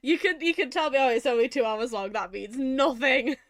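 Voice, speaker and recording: A woman chatting casually as she streams a game, rambling and laughing as she goes. Her voice sits a touch high. The recording is close and dry, with no room sound. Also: lively intonation, brisk, dry recording. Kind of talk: casual gameplay commentary.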